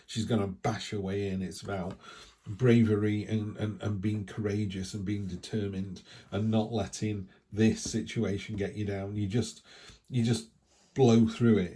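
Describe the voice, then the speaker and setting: A middle-aged man with an English accent giving a casual, rambling weekly tarot reading, breaking off now and then to cough. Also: fairly low pitch. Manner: chatty, rambling, with asides. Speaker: tarot reader.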